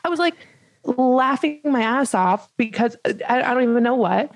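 A woman in her twenties telling a funny story in casual chat as a podcast co-host, animated and full of "like" fillers. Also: on the high side, moderate pace, dry recording, poor audio. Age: 20s. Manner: animated, many "like" fillers, laughs while telling.

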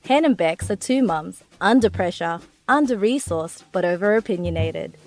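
A woman's voice: mid-range voice, expressive, normal speed, a little mellow. A woman delivers a scripted podcast introduction in a playful, tongue-in-cheek way. Faint music plays underneath her voice. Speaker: show announcer. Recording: light music behind.

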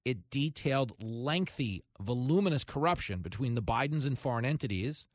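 A man's voice: medium pitch, lively intonation, normal speed, dry recording, studio quality. A man hosting a radio talk show, delivering a heated, sarcastic opinion monologue. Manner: heated, sarcastic, mocking voices of opponents.

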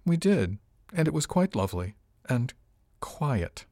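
A man's voice: on the high side, big pitch swings, dark tone, no echo, clean studio sound, pitched above the performer's own voice. A man voicing a playful, teasing young woman who cooks for the ship's crew, in an audiobook. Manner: sly and teasing, drawn-out purring lines. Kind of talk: audiobook character reading.

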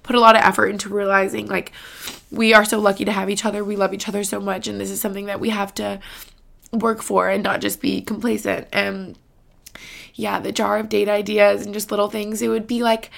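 A woman's voice: medium pitch, little pitch movement, fairly quick, gravelly, fairly bright tone. A young woman vlogging about her relationship in a personal, emotional way, close to tears, full of "like" fillers. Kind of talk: personal vlog talk.

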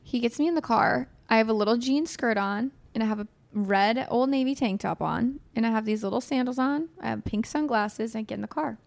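Young woman, host, casual chat, animated storyteller, swears a lot, fairly high voice. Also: a little fast, creaky, hardly any pauses.

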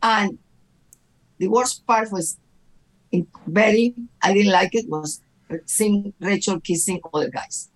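A middle-aged woman tells a lively story as a guest in a relaxed conversation, acting out her reactions. Her English has non-native grammar, and her voice sits at a middling pitch. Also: slow pace, poor audio. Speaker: guest, mother of the host. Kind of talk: casual chat.

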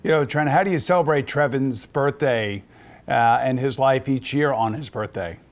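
A man hosting a sports talk interview, setting up his questions in a measured, sympathetic way. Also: mid-range voice. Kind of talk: interview questions with scripted setup.

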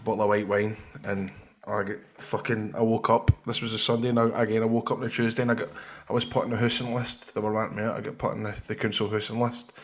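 A man's voice: lowish voice, little pitch movement, quick pace. A man with a Scottish accent telling a rambling, sweary story in casual chat.

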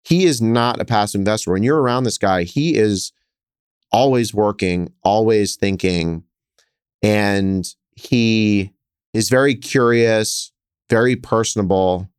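Animated man telling business stories. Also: on the low side, smooth, dry recording, clean studio sound. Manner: animated, quick storyteller who gets louder acting out scenes. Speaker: hotel investor guest. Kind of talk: conversational interview storytelling.

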